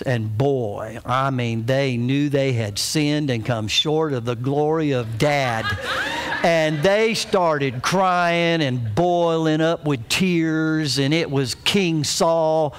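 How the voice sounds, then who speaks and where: A man's voice: a little high, takes it slowly. A middle-aged man preaching a sermon as pastor, telling a family story in a folksy, humorous way.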